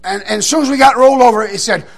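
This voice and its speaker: A man, a preacher telling a folksy story in a sermon to a congregation, shouting out the lines he quotes. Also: extremely high pitch, racing, vocal fry. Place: church in front of a congregation.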